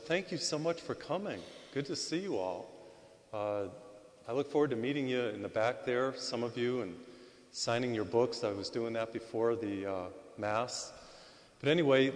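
In a large church, a priest gives a Gospel reading and homily, addressing the congregation directly through a loud microphone and asking them to repeat phrases. His mid-range voice uses rising emphasis to tell stories, and the sermon rings with long church reverb.

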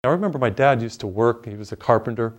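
A middle-aged man preaching a relaxed sermon, telling stories and guiding listeners through slow, deep breaths.

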